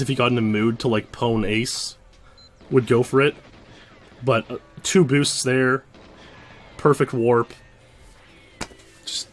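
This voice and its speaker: A young man hosting a speedrun history show, giving loose, rambling commentary over gameplay with lots of fillers and restarts. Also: medium pitch.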